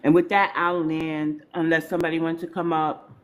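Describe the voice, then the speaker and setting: A woman's voice: low voice, level tone, moderate pace. A woman from New York hosting a live stream, talking in a loose, informal, chatty way to her viewers. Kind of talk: casual live stream chat.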